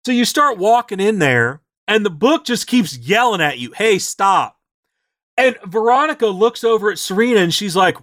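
A man co-hosting a podcast, casually recapping a tabletop game session and acting out the characters' lines in quick, animated asides. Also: high voice, no room sound, clean studio sound. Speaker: podcast co-host.

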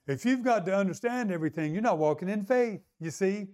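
A man's voice: sits high, lively intonation, a little fast, a little mellow. A male pastor preaching a sermon in a conversational way, often asking the congregation to agree.

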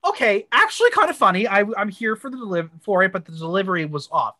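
A woman from the United States co-hosts a casual podcast recap, blunt and crude with exaggerated reactions. Her voice swings widely in pitch as she talks. The sound is dry and close, with no room around it. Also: expressive, quick pace, sharp tone, dry recording. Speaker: podcast co-host recapping a TV episode. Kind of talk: casual chat.

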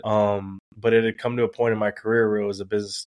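Man from texas, low voice, quick speech, earnest interview guest. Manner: relaxed, earnest, agreeable. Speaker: professional baseball player guest. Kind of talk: casual interview.

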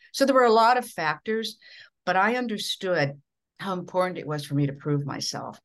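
A middle-aged woman from Minnesota, a veteran television newscaster, telling stories from her career in an earnest way. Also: deep voice. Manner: earnest, with frequent restarts and quoted dialogue. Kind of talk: reflective storytelling in an interview.

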